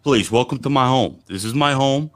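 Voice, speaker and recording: A man's voice: medium pitch, animated, moderate pace, a bit bright. A man voicing an overly hospitable middle-aged Italian host who talks in broken English. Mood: welcoming. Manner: broken English, pushy generosity.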